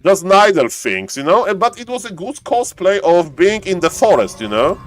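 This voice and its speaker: A man casting a strategy game live on stream, joking around and yelling excitedly when fights break out. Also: moderate pace, soft background music. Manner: playful, jokey, bursts into excited high-pitched yelling in fights. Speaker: esports caster.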